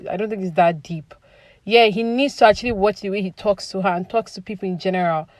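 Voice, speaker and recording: A woman's voice: mid-range voice, fast, no echo. A woman talks through the latest reality TV drama in a loose, chatty way, sprinkling her lines with fillers. Her voice sits in a middle register. It is recorded close and dry. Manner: chatty, opinionated, many fillers like "you know". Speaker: reality TV commentary vlogger. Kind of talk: casual recap commentary.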